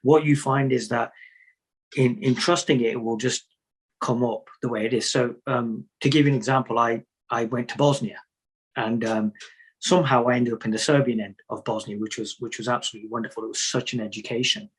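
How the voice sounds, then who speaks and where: Husky-voiced man telling stories. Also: medium pitch, steady tone, a little fast, poor audio. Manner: storytelling, repeats words, jokey asides. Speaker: Sufi teacher, guest. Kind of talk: conversational interview answers.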